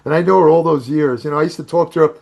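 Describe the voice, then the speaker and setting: An older man spins long, meandering stories in a fairly high speaking voice for a man, stumbling over restarts and circling back to names. He sounds like a guest reminiscing on a podcast. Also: steady tone, very fast, vocal fry, a little mellow. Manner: rambling anecdotes with restarts and laughs. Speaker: guest, bodybuilding writer. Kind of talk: casual storytelling on a podcast.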